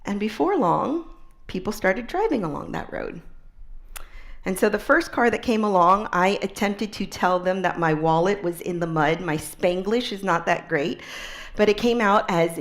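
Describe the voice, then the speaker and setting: A woman public speaker telling an inspirational story, expressive and often dropping to a soft, hushed tone. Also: lowish voice.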